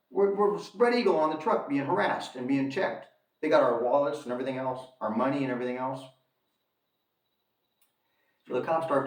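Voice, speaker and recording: A man telling a story to his viewers in an emphatic rant, repeating lines for effect and calling them folks. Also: mid-range voice. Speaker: commentator on his own channel. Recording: echoey room, distant from mic.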